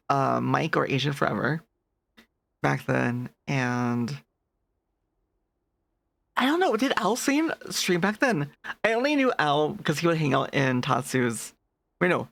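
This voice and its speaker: Gravelly-voiced streamer chatting with viewers. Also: no room sound. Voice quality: deeper natural voice. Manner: animated, laughs often, reads out and answers chat. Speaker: VTuber streamer. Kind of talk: casual chat with live viewers.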